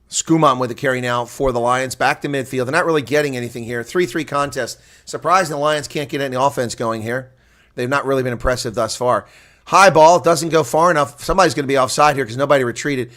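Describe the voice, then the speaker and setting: A man giving live play-by-play rugby commentary, talking fast through the action, chatting with viewers and shouting on big plays. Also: medium pitch.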